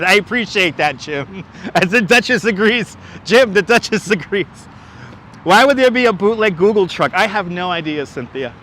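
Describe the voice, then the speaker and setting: A man with a high-pitched, bright, forceful voice hosts a casual livestream while walking city streets outdoors, using a wireless clip-on mic. He chats enthusiastically, calling out viewers by name and reading their comments aloud, over slight background noise.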